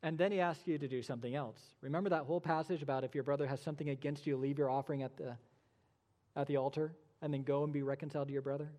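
A man's voice: on the high side, fairly even intonation, very fast, a little mellow, in a large hall. A male pastor delivering a sermon, emphatic and full of rhetorical questions, with dry sarcastic asides.

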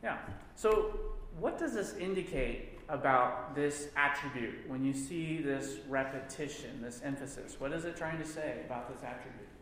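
A man's voice: on the high side, normal speed, fairly bright tone, a little hiss or hum. A man teaching a church Bible class, stressing points by repeating words. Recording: echoey room with long reverb.

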